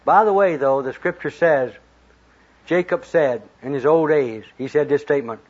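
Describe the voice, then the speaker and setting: Husky-voiced preacher telling a folksy sermon. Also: male voice, a little high, normal speed. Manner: folksy, retells scripture in plain talk with lively quoted voices. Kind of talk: storytelling sermon. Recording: dull lo-fi recording.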